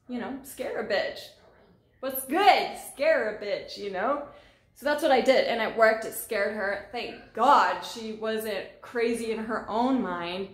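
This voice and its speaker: A young woman talks casually and animatedly, slipping into other people's voices as she tells it. Her voice sits a little high, and the room around her is echoey. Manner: animated, profane, acts out quoted dialogue. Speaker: vlogger. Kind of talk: casual storytime.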